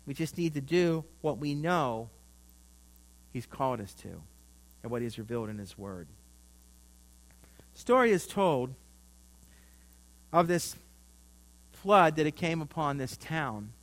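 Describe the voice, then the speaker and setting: A man's voice: on the high side, animated, slow, long pauses. A man preaching a sermon, telling a story with rising and falling emphasis.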